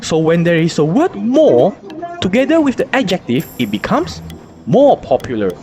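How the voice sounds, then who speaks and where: A woman teacher, explaining grammar in an online lesson, spelling out letters slowly and asking rhetorical questions. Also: fairly low pitch, big pitch swings, dark tone, soft background music. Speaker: English teacher.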